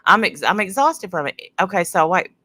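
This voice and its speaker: A sniffly middle-aged woman hosts a casual livestream, her voice set low and heard close and dry. She rambles from one story to the next and breaks off mid-sentence to greet viewers by name. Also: sing-song, normal speed, bright, forceful tone, dry recording. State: sniffly from sinuses. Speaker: livestream host.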